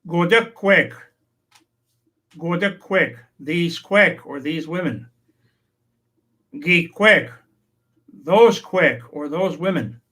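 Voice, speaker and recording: A man's voice: a little high, expressive, very slow, pauses often, pushed and bright. A man teaching a language lesson, saying each word and then its meaning, with light humor. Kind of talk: slow explanatory language lesson.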